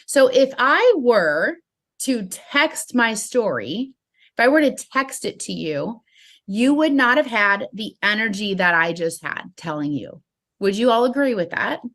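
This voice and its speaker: A woman's voice: fairly high pitch, a little slow. Upbeat woman giving a sales training talk. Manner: upbeat, animated, smiling delivery. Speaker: network marketing trainer. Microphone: phone.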